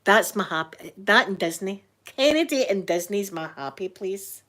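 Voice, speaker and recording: A woman's voice: medium pitch, expressive, moderate pace, a bit bright. A woman with a broad Scottish accent chatting casually on a livestream, reading out viewer names and laughing often. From Scotland. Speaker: livestreaming YouTuber. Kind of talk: casual live chat.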